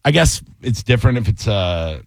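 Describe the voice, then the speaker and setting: A man's voice: fairly low pitch, expressive, normal speed, gravelly, dry recording. A man hosting a radio show, joking and teasing in casual banter.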